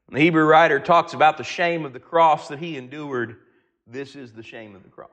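A man preaching a sermon, reading scripture aloud and earnestly slowing down and swelling his voice for emphasis. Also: fairly high pitch, a bit bright, highs cut off.

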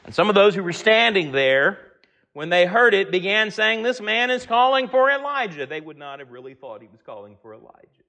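A man preaching a sermon, reading scripture aloud and earnestly slowing down and swelling his voice for emphasis. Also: high voice, animated, bright, forceful tone.

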